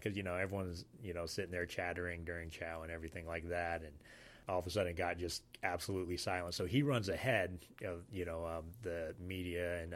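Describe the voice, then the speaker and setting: A deep-voiced man from Alaska tells a story from his time in the Navy. He talks casually and haltingly, full of fillers and restarts. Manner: rambling, halting, many fillers. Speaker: Navy sailor telling a story. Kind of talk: casual spoken anecdote.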